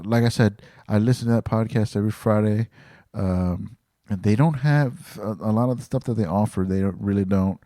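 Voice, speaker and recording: Rambling low-voiced man, dry close mic. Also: warm tone, no room sound. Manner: rambling, many fillers and restarts, swears casually. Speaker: podcast host. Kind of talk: casual solo podcast talk.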